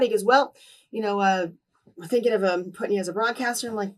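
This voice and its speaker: A woman in her twenties as an interview guest, telling candid stories with lively quoted voices and frequent swearing. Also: mid-range voice, fast, recorded from a distance. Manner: animated, acts out quoted voices, swears freely. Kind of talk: candid storytelling in a shoot interview.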